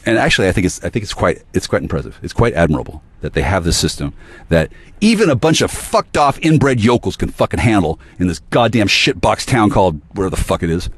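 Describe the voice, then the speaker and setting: A man rants on his own at length, cursing freely and jumping between grumbled asides and heated bursts. His voice sits low but swoops up and down with lively, restless intonation. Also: quick pace, breathy edge, dry recording. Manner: profane, agitated ranting; swings between muttering and sudden outbursts. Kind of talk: rambling solo monologue.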